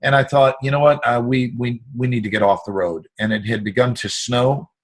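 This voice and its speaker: A middle-aged man talking as an interview guest, expansive and animated, acting out the voices he quotes. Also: medium pitch, a little fast. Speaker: guest actor. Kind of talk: motivational storytelling.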